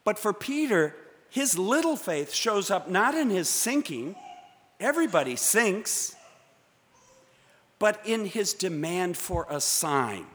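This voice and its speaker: A man preaching a sermon from the pulpit, measured and dramatic, with pauses for effect. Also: high voice, sing-song, a bit bright. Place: church sanctuary. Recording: long church reverb.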